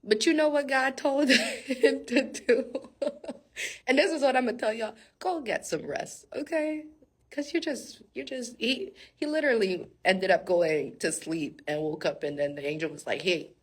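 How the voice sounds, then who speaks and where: A woman giving a casual, animated Bible-story sermon. She laughs often and talks straight to her viewers. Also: fairly high pitch, unhurried, husky. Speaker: faith speaker.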